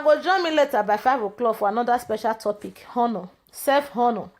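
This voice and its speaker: A woman's voice: fairly high pitch, fairly quick, few pauses. A woman with a Nigerian Pidgin English accent in a rambling, mocking monologue, confronting a rival and chatting to her viewers. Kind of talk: casual ranting monologue.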